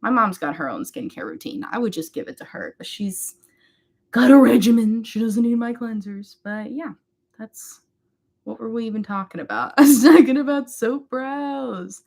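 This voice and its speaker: A woman's voice: a little high, lively intonation, normal speed, creaky, darkish tone. Young woman, beauty livestream host, chatty and rambling, casual. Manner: chatty, rambling, greets viewers by name. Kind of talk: casual chat while doing makeup.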